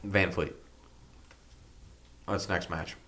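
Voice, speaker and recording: Deep, bright-toned man giving blunt takes. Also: fairly even intonation, extremely slow. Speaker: podcast co-host. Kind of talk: casual wrestling recap chat.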